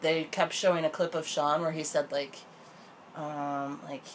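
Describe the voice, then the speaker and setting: A woman's voice: sits low, little pitch movement, measured pace, a little hiss or hum, rough recording. A young woman chatting casually about a reality show, laughing, swearing and acting out quotes. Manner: chatty, laughing, swearing, quoting people in voices. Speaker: podcast co-host.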